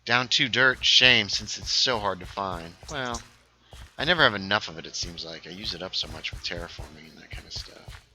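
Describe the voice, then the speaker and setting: A man hosting a casual gaming livestream, chatting while he plays, reading viewer comments aloud and sometimes dropping into hushed asides. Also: low voice, moderate pace, slight background noise, rough recording. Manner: lively, reads chat aloud, drops into hushed asides.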